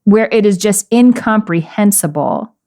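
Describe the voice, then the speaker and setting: A woman's voice: medium pitch, animated, measured pace, mellow. A woman co-hosting a podcast, reading a Bible passage and musing through it in casual talk, laughing easily. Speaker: podcast co-host.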